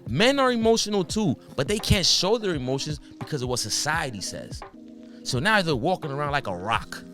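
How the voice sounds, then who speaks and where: A man's voice: on the high side, creaky. A young man hosting a solo podcast, talking earnestly and passionately, firing off rhetorical questions and swearing now and then. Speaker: podcast host.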